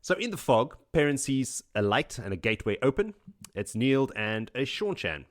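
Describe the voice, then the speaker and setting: With a medium-pitched, very animated voice at a moderate pace, this male podcast host goes through a book one chapter at a time. He keeps it casual, chatty and full of jokes and laughter. The sound is dry and clean, like a studio.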